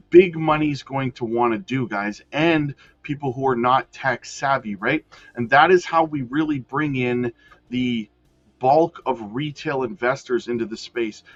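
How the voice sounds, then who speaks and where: A man's voice: on the high side, breathy edge, muffled recording. Man reading crypto news, casual asides. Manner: addresses viewers as guys, frequent self-corrections.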